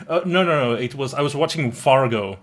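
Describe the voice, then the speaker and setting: A man's voice: medium pitch, expressive, fairly quick, slight background noise. A man from Finland with a Finnish accent, co-hosting a casual podcast chat, hesitant and laughing often. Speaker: co-host.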